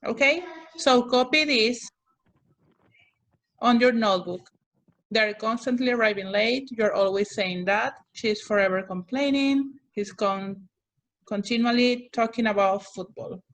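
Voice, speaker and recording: Woman English teacher, online class, patient, repeats and checks in often, pitch a bit high. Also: a little slow, a bit bright.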